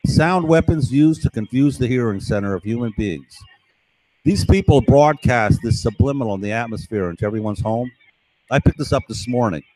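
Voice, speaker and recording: A man's voice: medium pitch, lively intonation, moderate pace, dark tone, no echo, rough recording. A man in a casual monologue, rambling and insistent, with an aggrieved, conspiratorial tone that keeps checking in with "right?".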